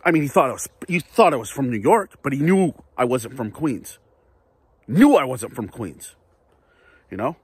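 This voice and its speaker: A man's voice: medium pitch, animated, fairly quick, hardly any pauses, breathy edge. A man ranting casually to camera in a vlog, profane, rambling and repetitive. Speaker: vlogger.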